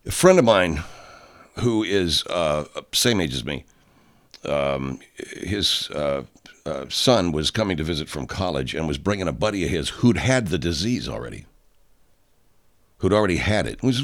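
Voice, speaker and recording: Older man, angry profane monologue, low voice with wide swings from shouting to muttering. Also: sing-song, normal speed. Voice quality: heavy swearing, loud outbursts. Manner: ranting, rising into shouting then dropping low.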